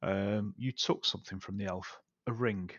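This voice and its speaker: A man's voice: fairly low pitch, fairly even intonation, normal speed, a bit bright, husky, no room sound. A man playing a tabletop game, speaking hesitantly with many fillers. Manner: hesitant, filler-heavy speech. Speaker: player. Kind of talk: tabletop role-play. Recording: dull, dry lo-fi sound.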